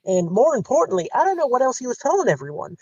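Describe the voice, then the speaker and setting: A man guest telling a long story in casual chat, rambling and animated, acting out the lines of others. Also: very high-pitched, quick pace, husky, no room sound. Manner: rambling, animated retelling with quoted dialogue. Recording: slightly dull lo-fi sound.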